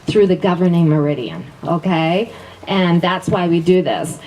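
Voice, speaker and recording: A woman's voice: fairly low pitch, moderate pace, darkish tone. Upbeat woman leading affirmations from afar. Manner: upbeat, repeats each phrase twice, laughs often. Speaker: wellness teacher. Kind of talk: teaching a class, leading spoken affirmations. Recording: voice from a distance with faint background noise.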